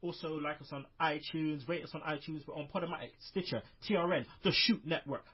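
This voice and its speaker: A man's voice: a little high, fairly quick, slightly rough. A man hosting a casual wrestling podcast, rambling with lots of fillers in an upbeat way, over a muffled online call. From United Kingdom. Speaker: podcast host.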